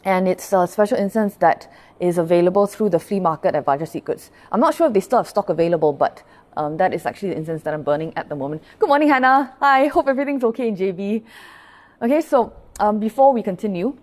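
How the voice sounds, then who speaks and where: A woman's voice: mid-range voice, lively intonation, fast, a little mellow. A woman pastor gives a livestreamed Buddhist dharma talk, explaining patiently and often checking in with her listeners. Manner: greets live viewers by name between points.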